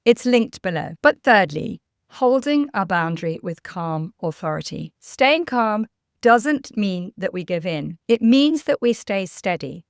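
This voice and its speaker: Calm woman coaching parents. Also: medium pitch, dry recording, clean studio sound. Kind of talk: scripted talk to camera.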